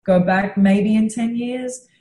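A woman's voice: fairly high pitch, steady tone, takes it slowly, warm tone. An Australian woman from Western Australia, a young comedian animatedly telling a story in a casual chat, swearing freely and acting out quotes. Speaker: comedian guest. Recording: roomy echo.

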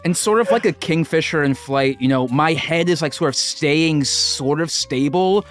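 A man's voice: fairly high pitch, moderate pace, a bit bright, faint music behind. A man playing a tabletop game, rambling and hedging through his descriptions. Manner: rambling, hedging with filler words. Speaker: player. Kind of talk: casual tabletop play.

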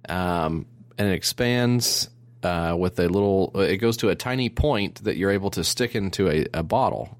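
A man co-hosting a comedy podcast, telling crude stories in a rambling, deadpan way. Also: sits low, normal speed, no room sound. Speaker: podcast co-host. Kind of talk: casual comedy chat.

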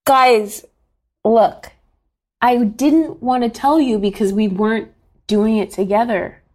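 A woman's voice: a little high, normal speed, warm tone. A woman comedian, a guest on a comedy podcast, chatting casually and playfully with the hosts.

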